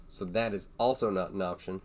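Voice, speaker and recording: A man's voice: sits low, a little hiss or hum. A man playing a tabletop game, hesitant, thinking aloud over his options. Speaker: player. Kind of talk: casual tabletop play.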